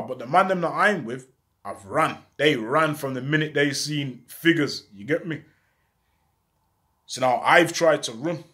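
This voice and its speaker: Young man telling a street story. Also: on the high side. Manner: street slang, acts out quoted voices. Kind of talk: casual storytelling.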